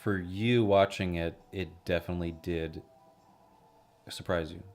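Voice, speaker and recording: A young man with a fairly low voice co-hosts a relaxed movie chat. He is easygoing and agreeable and jokes along with his partner. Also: a little slow, soft background music. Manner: laid-back, agreeable, jokey. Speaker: podcast co-host.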